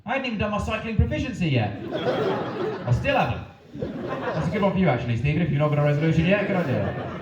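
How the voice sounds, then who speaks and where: A male stand-up comedian who performs his set with animated, sweary, self-mocking storytelling. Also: mid-range voice, background noise. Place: comedy venue stage. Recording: echoey venue, distant mic, dull sound.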